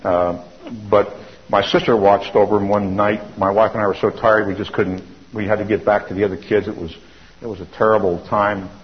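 Middle-aged guy telling his church testimony, earnest, trips and repeats words, kinda low voice, muffled old recording. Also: level tone, a little fast. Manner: earnest storyteller with frequent restarts and repeats. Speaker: church speaker giving testimony. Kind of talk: testimony sermon storytelling. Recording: dull lo-fi recording.

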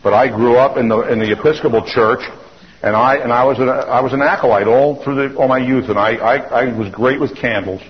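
A man's voice: medium pitch, brisk. A middle-aged man giving a testimony sermon, an earnest storyteller who often restarts and repeats himself. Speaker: church speaker giving testimony. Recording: dull lo-fi recording.

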